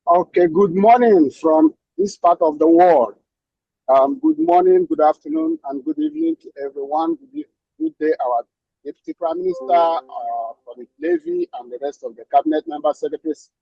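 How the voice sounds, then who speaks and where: A man's voice: a little high, sing-song, normal speed, gravelly. A man introducing himself formally as a regional representative in an online meeting. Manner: formal greetings. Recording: dull dry call audio.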